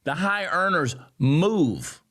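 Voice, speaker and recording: A man giving sarcastic, mocking political commentary, swinging from loud jeers down to low grumbles. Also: big pitch swings, takes it slowly. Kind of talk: ranting commentary.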